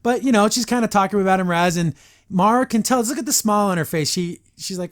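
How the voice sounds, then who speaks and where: A man hosts a podcast, reviewing an episode in casual, opinionated chatter. His voice sits slightly high, and he often jumps into lively put-on character lines before dropping back into commentary. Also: quick pace.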